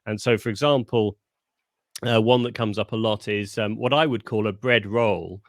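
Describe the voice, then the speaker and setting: A man from the south of England with a southern English accent, a guest on a live video call, speaking in a measured, polite way with many ums. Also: on the low side, steady tone, dry recording, studio quality. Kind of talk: conversational interview.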